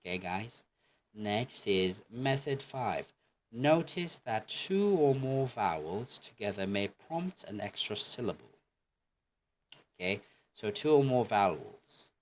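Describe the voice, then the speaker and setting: Slow, deep-voiced man teaching pronunciation. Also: animated, slight background noise. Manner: patient, repeats example phrases slowly for learners. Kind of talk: online language lesson with repeat-after-me drills.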